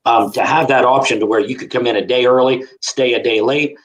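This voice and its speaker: A man's voice: medium pitch, steady tone, brisk, poor audio. A man co-hosting a casual interview talks in an ordinary mid-range voice. He is enthusiastic and stumbles over his words as he restarts sentences.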